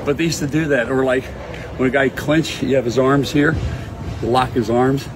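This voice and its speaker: Man, gruff, folksy, self-filmed clip, demonstrating boxing moves, clear street noise behind. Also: medium pitch, fairly even intonation, moderate pace. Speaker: social media video personality. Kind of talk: casual self-filmed video talk.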